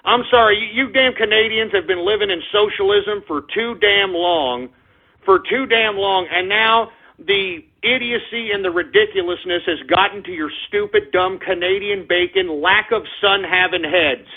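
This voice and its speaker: A man hosting a radio show, delivering a loud, crude, mocking rant that swells into sudden shouts. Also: sits high, moderate pace. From United States. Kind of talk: ranting talk radio monologue. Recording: phone-like narrow-band audio.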